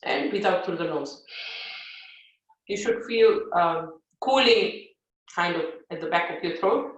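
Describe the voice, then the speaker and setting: A woman teaching a yoga breathing class, guiding gently with frequent "yeah?" check-ins and fillers. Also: lowish voice, lively intonation, unhurried, dull audio. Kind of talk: live guided yoga class. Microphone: device set back from the speaker. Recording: very echoey room, far from mic.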